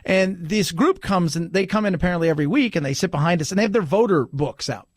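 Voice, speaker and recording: A man's voice: high-pitched, fast talker, dry recording, studio quality. An American man hosting a talk radio show, telling a rambling story with many restarts. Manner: chatty storyteller, lots of restarts and "he goes".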